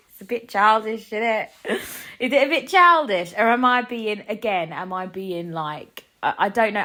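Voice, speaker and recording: Chatty woman ranting on a podcast. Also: fairly low pitch. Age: 20s. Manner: animated, chatty, jokey with sudden loud and quiet swings. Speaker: podcast host. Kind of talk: casual solo podcast rant.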